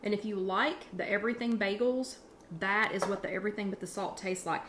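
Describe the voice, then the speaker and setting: A woman's voice: mid-range voice, fairly quick, noisy background. A woman hosting a casual live cooking chat from her home kitchen, talking in a chatty, rambling way and restarting her sentences. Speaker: online workshop host.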